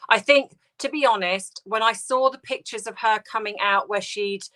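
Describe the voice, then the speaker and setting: A British woman hosting a casual livestream, talking softly and hesitantly with many ums and restarts as she answers viewer comments. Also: medium pitch, moderate pace. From United Kingdom. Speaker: livestream host.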